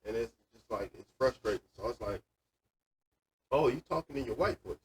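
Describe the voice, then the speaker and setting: A man's voice: mid-range voice, normal speed, recorded from a distance, slight background noise, low-quality recording. A man co-hosting a casual podcast chat, telling a story in an easy way and acting out what people said. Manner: relaxed storyteller who acts out quoted lines. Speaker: podcast co-host.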